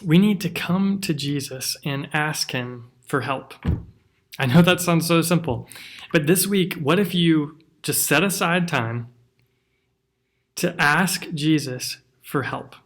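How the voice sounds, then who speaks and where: A man's voice: fairly high pitch, takes it slowly, a bit bright. A man, a pastor, giving an earnest, conversational devotional teaching with rhetorical questions.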